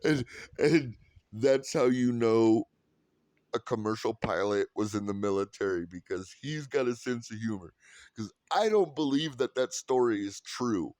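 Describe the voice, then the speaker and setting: A man's voice: mid-range voice, animated, a little slow, a little mellow, no room sound. A man in his thirties telling a funny story in a casual vlog, quoting people and laughing often. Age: 30s. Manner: rambling with restarts and "like". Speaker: vlogger.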